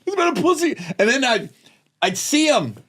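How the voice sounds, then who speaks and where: A man chatting as a guest on a podcast, telling a story with lively energy, acting out other people's voices and laughing often as he talks. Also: very high-pitched, a little fast, background noise. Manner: animated storyteller who acts out other voices; laughs often while talking. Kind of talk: casual podcast chat.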